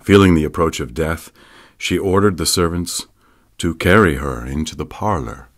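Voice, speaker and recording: Male audiobook narrator, very deep voice, measured scripted delivery.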